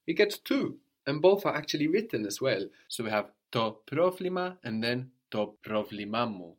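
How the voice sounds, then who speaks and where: A man with a mid-range voice teaches a language lesson, patiently explaining points and modeling phrases for a student to repeat.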